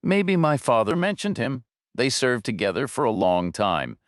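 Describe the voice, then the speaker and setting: A man's voice: mid-range voice, big pitch swings, moderate pace, no room sound, studio quality, voice pushed up, close to an everyday voice. A man voicing a persistent young woman lawyer who presses with polite questions. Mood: earnest.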